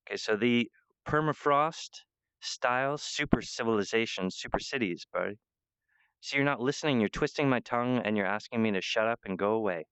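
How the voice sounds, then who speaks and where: A man's voice: mid-range voice, brisk, a bit bright, clean tone, no echo, highs cut off. A man giving a meandering spiritual monologue, full of fillers and restarts.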